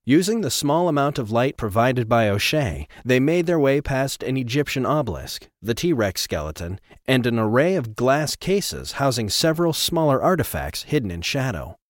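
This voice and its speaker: A man narrating an audiobook with an expressive, dramatic reading. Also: mid-range voice, moderate pace, hardly any pauses, no room sound, clean studio sound. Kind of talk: scripted narration.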